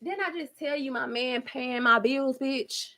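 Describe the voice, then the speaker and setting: A woman's voice: sits high, measured pace, sharp tone. A woman vlogger ranting candidly while she cooks in her home kitchen, blunt and heavy on profanity. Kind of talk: candid rant while cooking.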